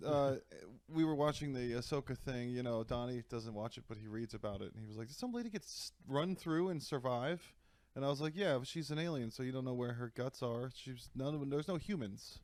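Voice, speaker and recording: A man co-hosting a comedy podcast, riffing and tossing in quick impressions in casual chat. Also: medium pitch, darkish tone, dry recording. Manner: joking, riffs with quick impressions. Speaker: podcast co-host.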